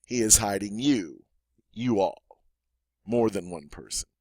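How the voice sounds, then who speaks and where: A man with a Southern American accent teaching a grammar lesson in an encouraging way, stretching out the example words slowly. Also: on the low side, expressive, warm tone, no room sound. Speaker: French teacher. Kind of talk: classroom-style grammar lesson.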